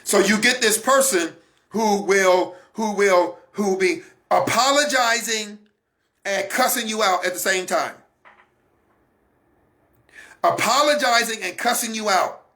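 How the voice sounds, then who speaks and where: A man's voice: sits high, unhurried, long pauses, bright, forceful tone. A man giving a Christian teaching talk, emphatic and repetitive, coaching his listeners directly. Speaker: broadcast minister.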